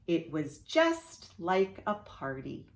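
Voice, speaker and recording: A woman's voice: fairly low pitch, slow, reverberant. A woman preschool teacher reading a storybook aloud to young children, inviting them to join in. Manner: animated, asks children to join in.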